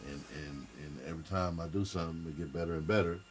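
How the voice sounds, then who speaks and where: A man's voice: deep voice, fairly even intonation, quick pace, faint music behind. A middle-aged male comedian chatting casually on a livestream, candid and profane, rambling as he talks. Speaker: comedian and streamer. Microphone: streaming mic.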